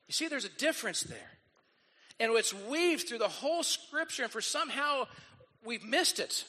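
A man preaching a sermon as pastor, lively and acting out the people he quotes. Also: extremely high pitch, normal speed, long reverb tail. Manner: animated, acts out quoted voices.

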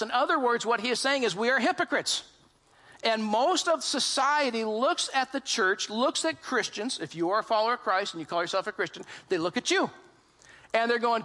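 Pastor, male, high and bright-toned, animated storyteller who quizzes the room. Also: normal speed. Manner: animated storytelling, asks the congregation questions; acts out quoted voices in his retelling. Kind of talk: sermon.

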